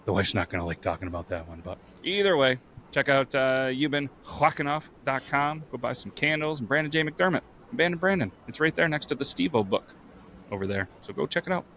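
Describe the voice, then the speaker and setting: A man's voice: medium pitch, a bit bright, a little hiss or hum. A man hosting a podcast in casual, crude banter, joking and laughing often as he tells stories. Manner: joking, laughs a lot, acts out quoted voices. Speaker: podcast host.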